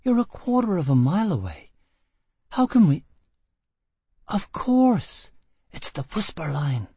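A man voicing a hot-tempered young woman prisoner who talks in quick, excited bursts. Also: high voice, slightly rough, dry recording, voice pushed up, full character voice. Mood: urgent, excited.

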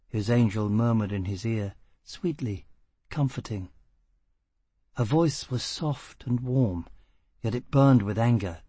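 A man narrating a novel in a measured, dramatic voice with steady pauses. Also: fairly low pitch, breathy edge, dry recording. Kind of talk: audiobook narration.

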